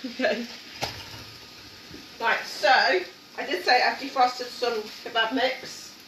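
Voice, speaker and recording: A woman hosts a casual cooking demonstration, chatty and encouraging as she works. Her voice sits fairly high. She is recorded in an echoey home kitchen from some distance, with steady noise behind her. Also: slow. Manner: chatty, encouraging, talks while working. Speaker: cooking show host.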